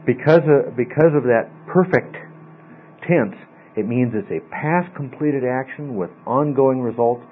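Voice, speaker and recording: A man leads a Bible study class, walking his students through verb tenses and word meanings and pausing often to check that they follow. The sound is thin and phone-like, with a faint hum of mains power behind him. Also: mid-range voice. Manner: explanatory, often asks okay.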